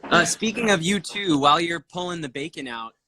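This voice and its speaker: A man's voice: a little high, fairly quick, crowd noise, low-quality recording. A man co-hosting a casual livestream, asking the host for stories and passing on viewer requests. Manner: prompting questions, relaying viewer requests.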